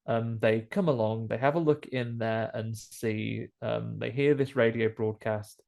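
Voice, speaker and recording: A man's voice: mid-range voice, fairly even intonation, a little slow, creaky, darkish tone. A man, co-hosting a podcast and chatting jokily through a horror film recap. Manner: chatty, jokey, acts out quoted lines. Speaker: podcast co-host. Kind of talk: casual film recap chat.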